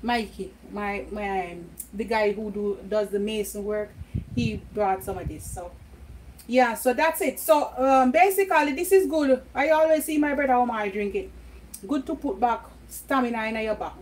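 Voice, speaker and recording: A Jamaican woman in middle age chats to her viewers in a loose, laughing home-vlog manner, drifting in and out of patois. Her voice sits high, and there is a faint hum of background noise behind her. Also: normal speed, a little mellow, low-quality recording. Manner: chatty, laughing, switching into patois. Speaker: vlogger. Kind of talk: casual home vlog chat.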